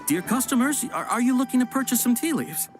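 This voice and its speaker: A fawning tea shop vendor from a video game who runs through a smooth, overly polite sales pitch, voiced by an actor. The pitch moves in a lively way, and he stammers when flustered. Faint game music plays behind. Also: brisk, natural voice.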